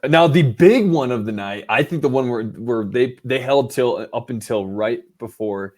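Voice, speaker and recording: A man co-hosting a podcast in casual chat, retelling events in an animated way and acting out what people said. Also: medium pitch, moderate pace. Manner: animated storytelling, acting out quotes. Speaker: podcast co-host.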